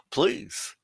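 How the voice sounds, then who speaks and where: A man hosting an unscripted livestream rant, crude and mocking, laughing at his own jokes. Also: no room sound. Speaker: livestream host.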